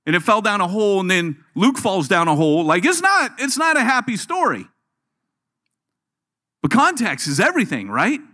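Bright, high-voiced joking preacher man. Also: moderate pace. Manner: joking, storytelling, animated. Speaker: guest preacher. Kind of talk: sermon. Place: church.

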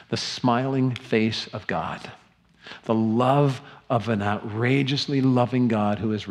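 A man, a middle-aged pastor, preaching a sermon with earnest, emphatic appeals to the congregation. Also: medium pitch.

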